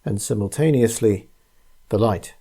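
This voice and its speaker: A man narrating an old ghost tale in a calm, measured reading voice. His tone is mellow and soft-edged, with a husky grain. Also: lowish voice. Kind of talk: scripted storybook narration.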